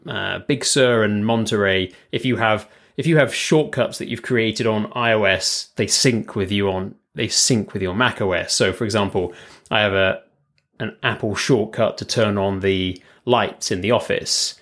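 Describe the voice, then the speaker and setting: A man from the south of England with a southern English accent, co-hosting a casual tech chat over a remote call, chatty and quick to laugh, often correcting himself. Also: fairly low pitch, fairly bright tone. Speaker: podcast co-host. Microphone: remote call mic.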